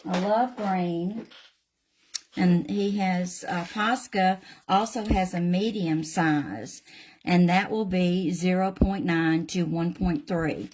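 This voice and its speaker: A woman's voice: fairly low pitch, slow, a little mellow. An older woman with a Southern US accent, casually chatting through a painting demonstration in a folksy way and addressing viewers by name. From Southern United States. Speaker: craft channel host.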